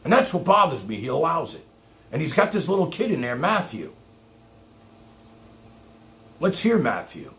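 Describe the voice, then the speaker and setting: A man's voice: fairly high pitch, sing-song, normal speed, long pauses, fairly bright tone. A man hosting a livestream, ranting in a heated, mocking and sarcastic way. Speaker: livestream host.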